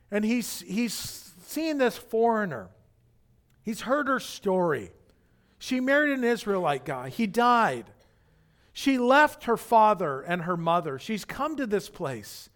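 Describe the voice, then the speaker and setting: A man's voice: high voice, a bit bright. A man, the senior pastor, preaching a conversational sermon full of fillers and restarts.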